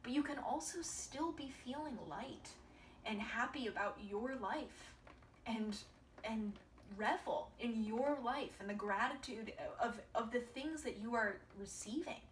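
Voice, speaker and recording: A woman's voice: fairly high pitch, unhurried. Encouraging woman tarot reader, distant and roomy. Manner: earnest and encouraging, with soft half-whispered asides. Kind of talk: pick-a-pile tarot reading to viewers. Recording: roomy, distant mic with faint background hiss.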